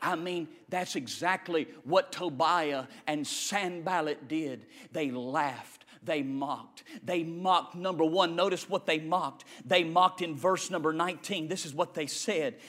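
A man preaching a sermon with rhythmic repetition and loud, fiery peaks. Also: fairly high pitch, unhurried, few pauses.

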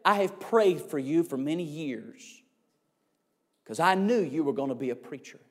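A man voicing an old woman who taught Sunday school, in a soft, earnest tone. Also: fairly high pitch, lively intonation, moderate pace, pitched below the performer's own voice. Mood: tender.

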